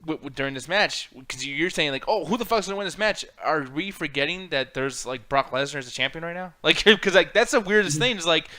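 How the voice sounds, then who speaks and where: A lively man co-hosting a wrestling reaction show, swearing and mimicking commentators. His voice is high and bright, and his pitch swings widely as he talks. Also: fast talker, hardly any pauses. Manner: animated and profane, mimicking commentators in mock voices. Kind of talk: casual chat.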